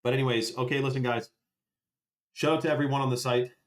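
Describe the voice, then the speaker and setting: A man's voice: medium pitch, fairly even intonation, fast talker. A man hosting a casual livestream. He answers viewers by name, swears freely and keeps a loose, chatty tone. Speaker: livestream host.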